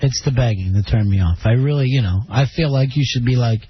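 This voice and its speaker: A man hosting a call-in radio show, teasing callers with quick jokes. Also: medium pitch. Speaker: radio host. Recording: dull lo-fi radio broadcast with faint hiss.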